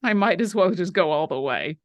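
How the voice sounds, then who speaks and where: On a live painting stream she co-hosts, a woman with a low, expressive voice reads viewer questions and talks on in a rambling way, tossing in quick asides. The recording is dry and lo-fi.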